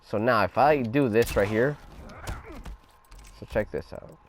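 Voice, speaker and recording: Young man, low-pitched voice, casual swearing game tutorial, faint hiss behind. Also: unhurried. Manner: profane, loose and conversational, talks over gameplay. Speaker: gaming guide creator. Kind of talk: casual gameplay tutorial commentary.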